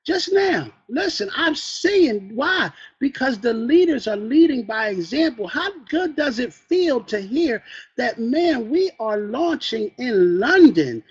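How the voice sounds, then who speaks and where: A man giving a motivational training talk as team trainer, preaching and asking the listeners questions. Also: very high voice. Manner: preachy, calls for "amen" and asks the listeners questions. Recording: dull lo-fi recording.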